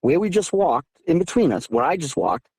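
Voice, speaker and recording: A thirtysomething guest from southeastern Massachusetts calls in to a casual storytelling interview, recounting encounters in a brisk, slightly rough voice. He's emphatic and animated, and his pitch climbs as he gets heated.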